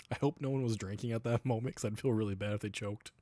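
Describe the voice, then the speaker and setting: A man's voice: fairly low pitch, warm tone, no room sound. A man in his thirties chatting on his livestream as its host, laughing often while he tells crude funny stories. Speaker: streamer. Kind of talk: casual livestream chat.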